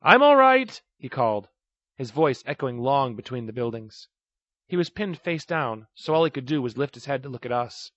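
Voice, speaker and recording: A man reading a first-person story aloud, raising his voice to act out the shouted lines. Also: medium pitch, moderate pace, dry recording. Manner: acts out shouted lines of dialogue. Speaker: narrator. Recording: dry, slightly dull recording.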